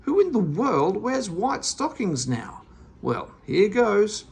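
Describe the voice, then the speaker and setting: Storybook reading: a furious, squeaky little man, put on by a reader, gravelly, lively pitch. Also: slow, exaggerated voice. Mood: gleeful. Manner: shouting, indignant, squeaky. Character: cross, fussy little man in a fury. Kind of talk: storybook read-aloud.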